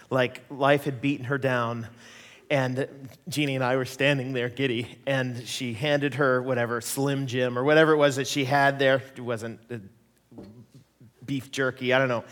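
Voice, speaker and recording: A middle-aged man preaching, telling personal stories in an animated way, laughing and acting out the voices he quotes. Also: mid-range voice. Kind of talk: sermon storytelling. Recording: long hall reverb.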